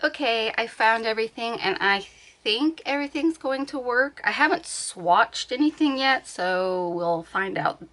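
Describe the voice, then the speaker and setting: Slow-talking bright-voiced woman vlogger. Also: fairly high pitch, lively intonation. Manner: chatty, laughs often, thinks aloud. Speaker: beauty vlogger. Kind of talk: casual chat. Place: at home on a bed.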